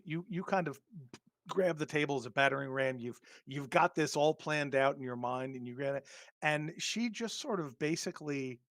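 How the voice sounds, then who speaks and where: A man acting as game master for a tabletop horror game, describing scenes in a halting way with many ums and restarts. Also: a little high, a bit bright, no room sound, studio quality.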